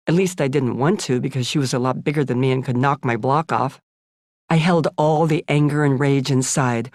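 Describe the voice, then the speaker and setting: In a dry studio recording, a woman in her seventies from the US narrates her memoir as an audiobook. She has a low, slightly mellow voice and a blunt, sardonic delivery.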